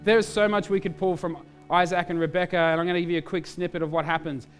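Male pastor, lively sermon storytelling, faint music underneath. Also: sits high. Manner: animated storytelling, quick asides.

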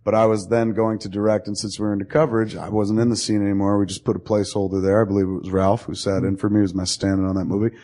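A man's voice: lowish voice, level tone, racing, few pauses, mellow. A man in his forties hosting a podcast, telling long, profane stories and laughing as he goes. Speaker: podcast host. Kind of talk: casual storytelling.

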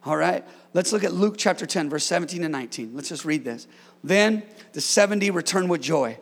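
Excitable preacher man, high and gravelly. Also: brisk. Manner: excitable, shouts commands, jokes with congregation. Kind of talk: energetic sermon.

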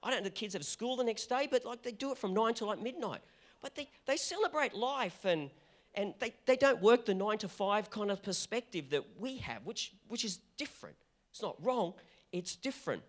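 An Australian man, a middle-aged pastor, preaching a passionate, animated sermon with frequent restarts. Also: high-pitched, fairly quick.

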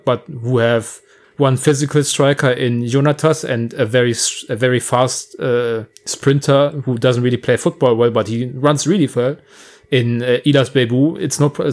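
A man's voice: mid-range voice, darkish tone. A man analyzing football tactics in a casual podcast discussion, explaining at length with occasional fillers.

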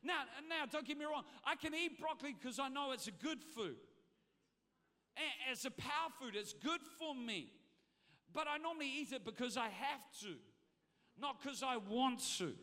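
A man preaching a sermon to a congregation, swinging between shouted exhortation and chatty, humorous storytelling. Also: very high voice. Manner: humorous, conversational asides to the congregation. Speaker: pastor. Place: church hall. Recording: long reverb of a large hall.

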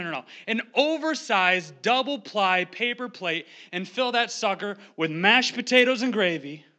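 A young man preaching a humorous sermon from a church pulpit, fast-talking, joking and animated, on a handheld microphone. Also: sits high. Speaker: guest preacher. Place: church sanctuary.

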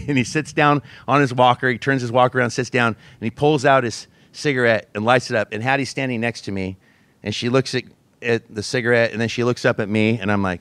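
A man's voice: medium pitch, fairly even intonation, normal speed, a bit bright, no echo. A pastor in his forties preaching a sermon, telling a family story with self-mocking laughs and acting out the voices he quotes.

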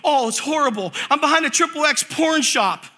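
Animated preacher guy, high and bright voice, jokey sermon full of acted quotes. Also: fairly quick. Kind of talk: lively comic sermon. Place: church in front of a congregation.

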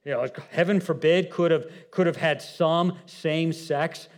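A middle-aged male pastor giving a conversational sermon, often repeating words and rising in pitch when he makes a point. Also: measured pace.

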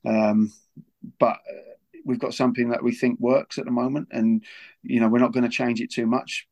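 A man's voice: medium pitch, flat delivery, moderate pace, vocal fry, a little mellow. A man talking earnestly about his football club, often repeating words as he goes. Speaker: football club figure as guest. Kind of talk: casual podcast talk.

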